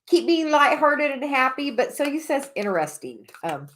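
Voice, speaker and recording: Young woman, fairly high voice, rambling, lots of fillers, casual livestream card reading. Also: sing-song, normal speed, fairly bright tone. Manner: rambling, many fillers and restarts. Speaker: oracle card reader hosting a livestream.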